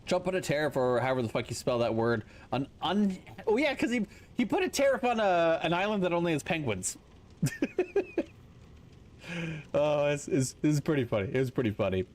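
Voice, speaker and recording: A man's voice: on the high side, expressive, normal speed. A man in his thirties streaming a game and chatting with viewers in a blunt, opinionated way, swearing freely. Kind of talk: casual chat to stream viewers while gaming.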